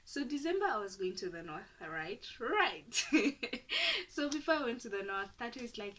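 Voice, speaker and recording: A woman's voice: medium pitch, expressive, moderate pace, a bit bright. A young woman from Namibia, telling a personal story to her viewers in a chatty, dramatic way and laughing at herself often. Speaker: YouTuber. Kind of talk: casual storytime.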